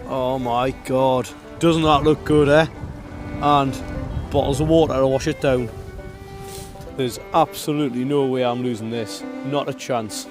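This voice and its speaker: A man's voice: medium pitch, fairly even intonation, a little slow, over music. A man teasing his friends cockily while showing his food on a camping vlog. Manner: cocky teasing. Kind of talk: casual vlog chat. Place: outdoors at a campsite.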